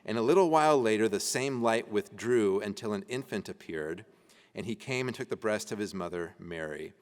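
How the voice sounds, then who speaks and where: A man's voice: fairly low pitch, lively intonation, normal speed. A man teaching an adult education class at a church, reading ancient texts aloud and talking them over casually. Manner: conversational, laughing while reading old texts aloud. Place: church meeting room. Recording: church hall reverb.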